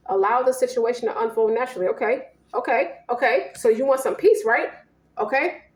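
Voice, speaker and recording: A woman's voice: fairly high pitch, a little fast, echoey room. A woman giving a casual tarot reading in a blunt, profane way, voicing both partners in turn. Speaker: tarot reader.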